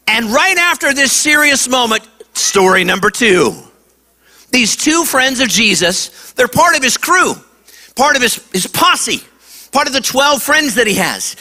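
A male pastor preaching a sermon to kids at a church campus, telling the story with animated delivery. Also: very high-pitched, normal speed. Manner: animated storytelling, acts out quotes.

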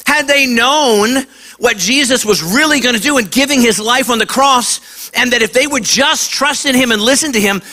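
A male pastor preaching a sermon to kids at a church campus, telling the story with animated delivery. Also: very high voice, normal speed. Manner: animated storytelling, acts out quotes.

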